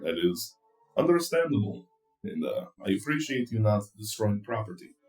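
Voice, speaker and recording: A man's voice: on the low side, sing-song, moderate pace, a little mellow, far from the mic, soft background music. A man voicing a courteous male giant who runs a business and hosts visitors, speaking with a put-on accent. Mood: genial. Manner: affable, polite, with an accent put on.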